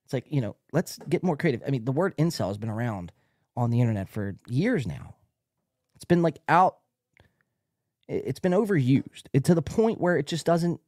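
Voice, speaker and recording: A male podcast host rambles through a live stream in a casual, profane way, reading chat messages aloud. His voice sits a little high and swings widely in pitch. The sound is dry and close. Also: a little mellow, dry recording.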